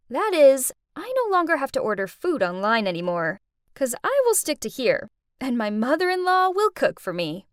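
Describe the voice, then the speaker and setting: A woman tells a first-person animated story, chatty and dramatic, turning to the listener as if confiding. Her voice is high and swings widely in pitch. The recording is close and dry, with no room sound. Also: no room sound. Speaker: narrator.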